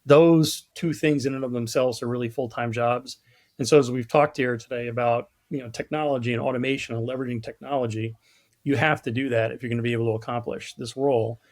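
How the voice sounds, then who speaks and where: A man's voice: medium pitch, steady tone, quick pace, darkish tone. A man from New York, a guest in a casual podcast conversation, telling stories and jokes with a cynical, self-deprecating humor and acting out the voices. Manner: storytelling, acts out voices in jokes. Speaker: guest, product marketing lead.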